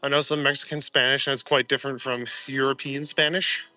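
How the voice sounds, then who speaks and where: Bright-voiced man chatting. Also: medium pitch, level tone, a little fast, faint music behind. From Canada. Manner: laid-back, joking, laughs often. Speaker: live streamer. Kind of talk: casual chat reading viewer comments. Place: walking outdoors.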